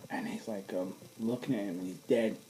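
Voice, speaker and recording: A man's voice: fairly low pitch, steady tone, fairly quick, background noise. A man talking casually and enthusiastically in a rambling way, often restarting his sentences. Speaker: vlogger. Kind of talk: casual fan movie talk.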